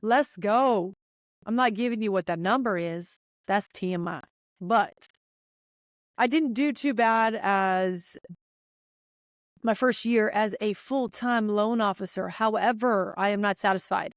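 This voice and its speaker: Young woman talking into her podcast mic, smooth clear voice, dry close sound, pumped up and chatty. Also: medium pitch, a little slow, dry recording. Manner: energetic, chatty, addresses listeners directly. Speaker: podcast host. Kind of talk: casual motivational monologue.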